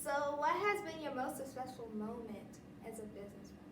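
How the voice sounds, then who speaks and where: A woman's voice: sits high, expressive, a little fast, echoey room, distant mic, background noise. A young woman hosting an interview, polite and respectful, often answering with "yes, ma'am.". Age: young adult. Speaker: interviewer, host. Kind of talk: casual interview chat.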